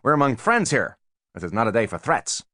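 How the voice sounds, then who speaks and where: A man's voice: mid-range voice, very animated, fairly quick, no echo, clean studio sound, voice pushed up. Brash middle-aged American mogul, put on by a male reader, American accent, pushy and chummy. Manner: loud, breezy, overfamiliar.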